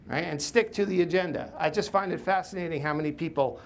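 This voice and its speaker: A middle-aged man, a podcast host and workplace coach, tells stories in an emphatic, animated way, full of fillers and tag questions. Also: fairly high pitch, quick pace, creaky. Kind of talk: podcast intro and recorded workshop talk.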